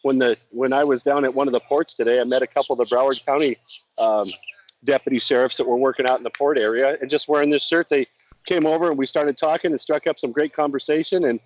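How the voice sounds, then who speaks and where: Over a remote call-in line, a middle-aged man from Montana, a law enforcement officer appearing as a guest, chats casually at a quick pace. His mid-range voice keeps a fairly even intonation, and he's earnest, often repeating himself. Faint noise sits under the slightly dull audio.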